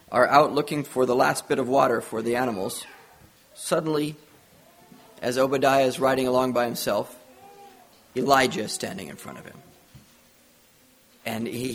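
Gravelly, husky man preaching a sermon. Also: mid-range voice, a bit bright. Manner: earnest storytelling, acts out biblical dialogue.

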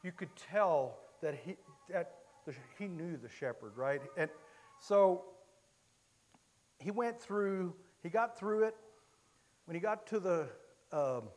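A man from Illinois preaching a sermon, telling a story with many halting restarts. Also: high-pitched, expressive, a little mellow. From Illinois, USA.

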